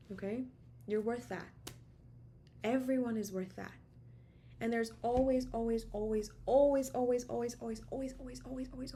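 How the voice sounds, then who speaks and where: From her home office, a woman gives a channeled tarot message to camera in a mellow, mid-range voice. She's chatty and encouraging, repeating words emphatically. The camera mic recording carries slight background noise.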